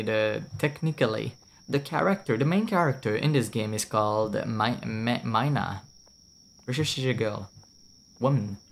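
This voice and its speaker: A man's voice: medium pitch, a little hiss or hum. A young man streaming a horror game with casual, jokey, rambling commentary, swearing and laughing often.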